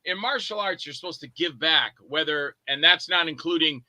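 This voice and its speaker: Bright-voiced man telling animated stories. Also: on the high side, moderate pace, no echo, rough recording. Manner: animated, acts out quoted lines with swearing. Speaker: guest filmmaker. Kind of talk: casual storytelling interview.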